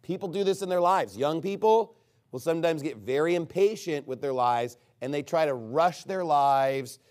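A man pastor preaching a sermon, animated and sarcastic, firing off rhetorical questions to his congregation. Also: fairly high pitch, normal speed, smooth.

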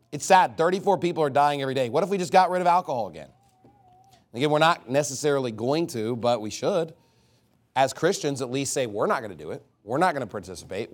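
A man in his thirties preaching a fiery sermon, emphatic, with sudden swings in volume and pace. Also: on the high side. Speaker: pastor.

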